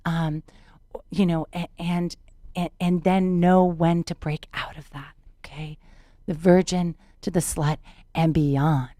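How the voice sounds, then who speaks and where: A woman's voice: on the low side, flat delivery, slow pace, mellow, dry recording, studio quality. A woman guest on a podcast interview, earnestly telling a personal story and repeating words for emphasis. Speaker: podcast guest, spiritual teacher.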